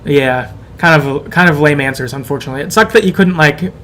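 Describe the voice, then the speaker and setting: A man's voice: on the high side, a little fast, a bit bright, a little hiss or hum. A man co-hosting a podcast, recapping a story game in casual, rambling chat with lots of fillers. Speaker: podcast co-host.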